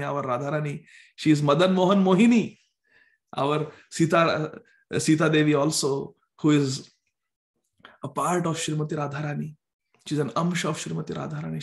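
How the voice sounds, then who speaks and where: A man's voice: on the high side, roomy sound. A man telling a devotional story in an emphatic way, repeating phrases for weight. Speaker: storyteller and speaker.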